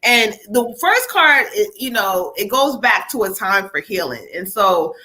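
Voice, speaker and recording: A woman giving a live-streamed card reading from home. She talks to her viewers in a chatty, familiar way and laughs easily. Her voice is bright and forward, sitting at a middle pitch. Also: very animated, unhurried. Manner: chatty, laughs often, calls viewers child and y'all. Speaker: psychic medium host.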